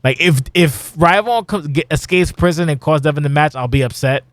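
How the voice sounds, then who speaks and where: A man's voice: a little high, fairly quick, dry recording. Profane rambling man, dry close sound. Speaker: podcast host. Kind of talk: casual podcast chat.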